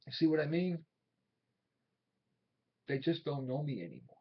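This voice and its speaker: An actor playing an aging, desperate traveling salesman in his sixties, pleading with his boss and swinging between quiet memories and angry outbursts. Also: a little high, sing-song, normal speed, husky, full character voice. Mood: wistful. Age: 60s. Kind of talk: film drama acting. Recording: dull old film soundtrack.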